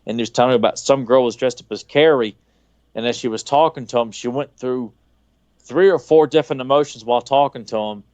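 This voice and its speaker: A man's voice: mid-range voice, a little fast, a little mellow, dry recording, lo-fi sound. A man on a podcast telling a long, rambling anecdote in casual chat, with frequent restarts. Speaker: podcast co-host.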